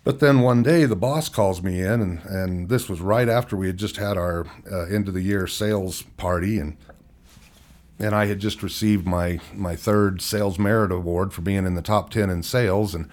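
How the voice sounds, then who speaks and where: A middle-aged man, an interview guest, frankly telling a personal story in a halting way, with wry chuckles. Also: low-pitched, a little mellow. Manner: frank, halting, chuckles wryly through hard memories.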